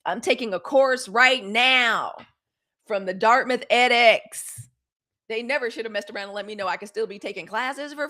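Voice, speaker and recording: A woman hosting a live news stream, talking straight to her viewers in a sassy, animated way. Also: on the high side, normal speed. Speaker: host of a daily live news show. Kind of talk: casual live-stream commentary.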